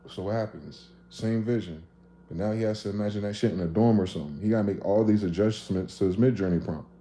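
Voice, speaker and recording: A man casually riffing on a livestream, profane and animated, acting out both sides of conversations. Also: fairly low pitch, quick pace. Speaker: livestream host. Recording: echoey room with faint ambient noise.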